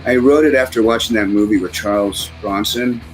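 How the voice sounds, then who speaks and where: A man, a musician, telling a story in a casual interview, humming riffs out loud and swearing freely. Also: on the low side, fairly even intonation, fairly quick, faint music behind, low-quality recording.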